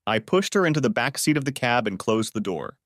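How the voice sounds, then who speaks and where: Male audiobook narrator, mid-range voice, steady first-person storytelling. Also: medium pitch, a little fast, dry recording, studio quality.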